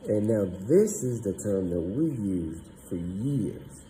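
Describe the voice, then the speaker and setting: A man teaching a lesson, slowly sounding out syllables and thinking aloud. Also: on the low side, very animated, mellow, a little hiss or hum, low-quality recording. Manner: slow and deliberate, sounding out syllables; thinking aloud, doubting himself. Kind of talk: explaining at a whiteboard.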